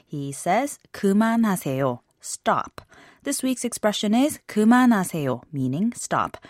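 A woman hosting a scripted language lesson, explaining phrases in a measured way and slowing down on key words. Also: medium pitch, dry recording, studio quality.

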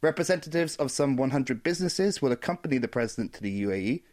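A man briefing news stories as a staff editor, in a steady, formal manner. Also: mid-range voice, quick pace.

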